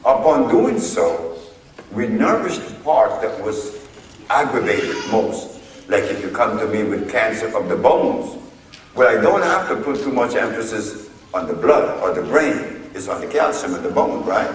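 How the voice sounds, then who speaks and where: A man giving a public lecture, speaking deliberately and posing rhetorical questions to his audience. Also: on the low side, very animated. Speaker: lecturer addressing a group. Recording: echoey hall, voice from far off.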